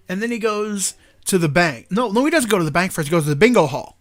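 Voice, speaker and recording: A man co-hosting a casual talk show, excitedly retelling a movie scene and acting out the characters' lines. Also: high-pitched, fast, few pauses. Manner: animated, acts out quoted lines. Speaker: podcast co-host.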